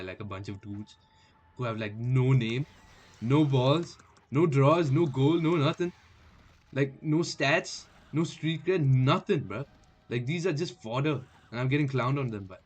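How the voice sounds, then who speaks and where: A young man streaming gameplay, chatting casually and trash-talking enemies with sudden yells. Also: mid-range voice. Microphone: headphones with mic.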